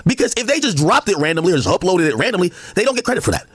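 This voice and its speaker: A man's voice: high voice, very animated, rapid-fire, slightly rough, dry recording, studio quality. A man on a livestream arguing a point emphatically, repeating words as he cuts in. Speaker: streamer. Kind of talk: livestream debate.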